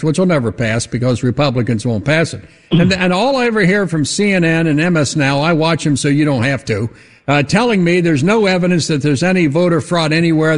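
High-voiced talk radio host, halting. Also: male voice. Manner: halting, many fillers and restarts, leading questions. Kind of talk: political talk radio interview.

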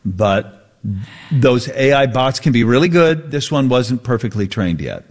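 A man's voice: medium pitch, very animated, unhurried. A man hosting a radio show, casually telling a story and acting out the voices in it. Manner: storytelling, mimics voices for effect. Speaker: radio host. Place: radio studio.

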